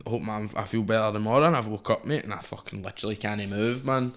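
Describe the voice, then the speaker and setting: A man with a Glaswegian accent, a podcast guest telling stories in casual, slangy chat and swearing freely. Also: lowish voice. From Scotland. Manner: rapid slangy storytelling, swears a lot.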